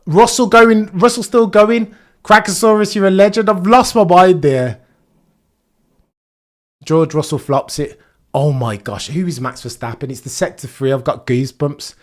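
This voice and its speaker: Excitable man reacting live. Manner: excitable, swings from shouting to low muttering disbelief. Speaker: livestream watchalong commentator. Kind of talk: live reaction commentary to chat.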